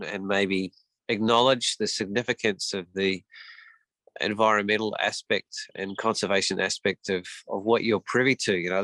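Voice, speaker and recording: A man's voice: lowish voice, sharp tone, no room sound, rough recording. A man hosting a photography podcast, asking long, meandering questions with many restarts. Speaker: podcast host. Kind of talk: interview questions.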